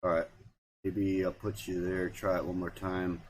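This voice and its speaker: A man's voice: low voice, flat delivery, moderate pace, slight background noise. A man hosting a casual livestream, rambling, repeating himself and trailing off as he talks. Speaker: livestream host.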